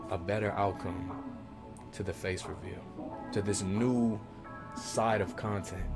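A man, a gaming video creator, delivering a profane, theatrical comedic rant. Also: fairly low pitch. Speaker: gaming YouTuber.

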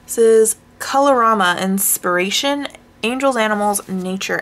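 A craft vlogger, a woman with a medium-pitched voice and measured pace, chats casually while showing off her coloring books. She rambles and pokes fun at herself, sighing and dropping hushed asides.

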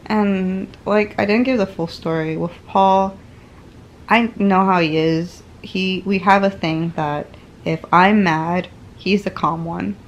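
Sore woman with a gravelly voice. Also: mid-range voice, slow pace, dull audio, a little hiss or hum. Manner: frank, animated storytelling. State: sore and resting after a medical procedure. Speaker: vlogger. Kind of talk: casual chat to camera. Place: home, resting in bed.

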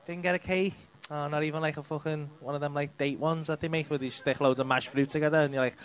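A man's voice: fairly high pitch, fairly even intonation, fast talker, few pauses, clear, resonant tone. A male stand-up comedian doing crowd work, teasing people in the audience with sweary banter. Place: comedy club stage.

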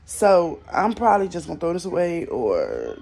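A young vlogger with a Southern American accent lies in bed at home and talks casually to her audience on her phone, swearing freely and speaking bluntly. Her husky, slightly mellow voice is on the low side, with vocal fry, wildly swooping pitch and a moderate pace.

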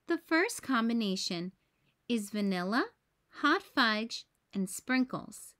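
A bossy, practical little girl from a storybook, read by a woman. She gives orders matter-of-factly in a raised, lively voice, slow and deliberate. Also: a little high, full character voice.

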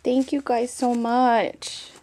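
A woman's voice: a little high, little pitch movement, slow pace, warm tone, slight background noise. A woman paper-craft vlogger in a casual show-and-tell video, gushing and talking straight to her viewers. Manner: gushing, repeats exclamations often.

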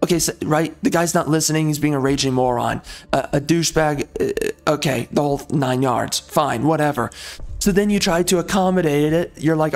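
A man's voice: on the high side, fairly quick. A man hosting a gaming channel, ranting in a frustrated, rambling monologue with repeated phrases and mild swearing.

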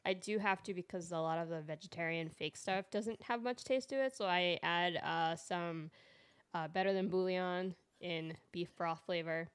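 A relaxed woman chatting on a live stream, her voice smooth and a little low. She talks through cooking steps unhurriedly, with small filler pauses. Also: no echo. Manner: relaxed, explains recipes step by step with fillers. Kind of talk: casual chat on a live stream. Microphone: quiet desk mic on an online stream.

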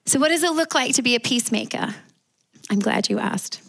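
Australian woman pastor, fairly high voice, preaching with amen call-outs. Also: lively intonation, fairly quick, creaky, fairly bright tone, slightly rough. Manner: preaching with call-and-response amens. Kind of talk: sermon.

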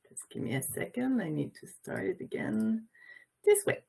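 A woman's voice: on the high side, big pitch swings, moderate pace, creaky, dark tone, breathy edge. A woman with a Quebec French accent, French being her first language, giving a symposium talk as a childcare educator and union representative over a video call, hesitant with many fillers and restarts. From Quebec, Canada. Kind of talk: symposium presentation. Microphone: video call mic.

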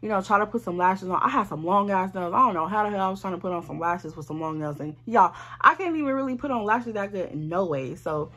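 A young woman from Arizona telling a casual storytime, animated and blunt, swearing freely. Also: mid-range voice, fast talker, hardly any pauses. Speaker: vlogger.

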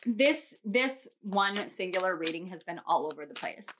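A young woman giving a casual tarot reading to viewers, bubbly and gushing, often breaking into laughter and excited squeals. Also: fairly low pitch, normal speed, a little hiss or hum. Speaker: tarot reader.

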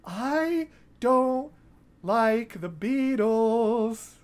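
Excitable reaction host, chatty and gushing. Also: medium pitch, extremely slow. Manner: scats rhythms to illustrate points. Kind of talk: casual reaction commentary.

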